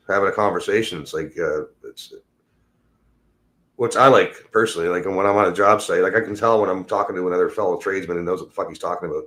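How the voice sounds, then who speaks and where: A man's voice: sits low, a bit bright. A man hosting a casual livestream, rambling loosely and swearing constantly as he talks about his work as a tradesman. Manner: rambling and heavily profane. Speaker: livestream host.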